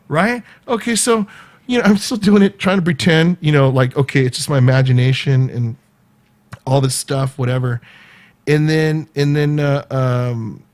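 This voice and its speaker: A man from California, telling a story in a casual vlog, laughing often and acting out what people said. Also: a little high. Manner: animated, laughs often, acts out quoted dialogue. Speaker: vlogger.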